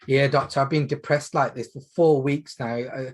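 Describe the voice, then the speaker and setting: A man playing a low, tearful young male patient in a role-play demonstration, speaking quietly and trailing off. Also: fairly even intonation, normal speed, natural voice. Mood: downcast.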